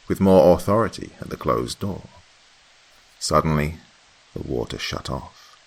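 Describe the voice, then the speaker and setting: A man narrating a first-person horror story in a slow, hushed, dramatic way. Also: a bass voice, gravelly, breathy edge.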